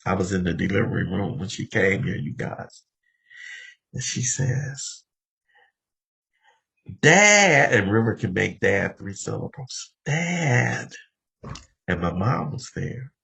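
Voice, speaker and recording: Speaking at normal speed, a Los Angeles man in his seventies tells his recovery story to a meeting in a conversational way, frequently addressing the room directly. His voice sits low, husky, with vocal fry and a fairly bright tone.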